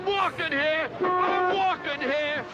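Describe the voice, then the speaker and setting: An actor playing a scrappy, angry street hustler who yells indignantly at a car while crossing a busy city street in a film scene. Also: male voice, very high voice, slow, a loud crowd. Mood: furious. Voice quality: shouting, indignant. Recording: film clip with loud traffic and music.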